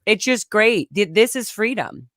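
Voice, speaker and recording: An impassioned woman speaks as a guest in a candid interview, stressing her points with feeling. Her voice sits at a middle pitch and is recorded close and dry, with no room sound. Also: lively intonation, unhurried, a bit bright, no room sound. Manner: impassioned, emphatic, gets emotional.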